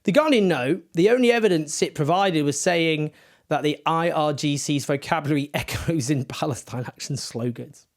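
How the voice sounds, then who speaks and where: A man's voice: a little high, moderate pace. A man giving impassioned, indignant political commentary with sarcastic asides.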